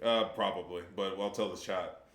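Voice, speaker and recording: A man co-hosting a casual livestream, rambling through deadpan jokes. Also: low voice, moderate pace, echoey room.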